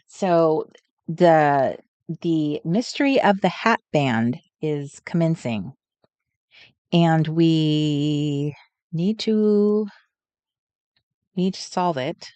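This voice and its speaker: A woman's voice: low-pitched, very slow, long pauses, a little mellow, clear, resonant tone, dry recording. Chatty woman hosting a crafting livestream. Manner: chatty, muses aloud, greets viewers by name. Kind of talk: casual live chat while crafting. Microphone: desk setup with overhead camera.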